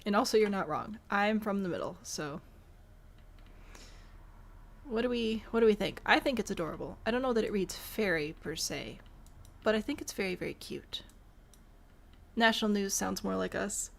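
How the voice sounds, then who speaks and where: Streaming a building game, a young Midwestern woman from Michigan chats casually, thinks aloud and answers her chat in a mild Midwestern accent. She has a medium pitch, lively intonation and moderate pace, with a creaky quality and long pauses.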